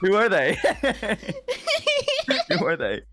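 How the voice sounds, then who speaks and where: Lively Southern-accented young woman streamer. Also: fairly high pitch, drawn-out words, heavy background noise. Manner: animated, laughing, teasing. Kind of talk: casual chat on a stream.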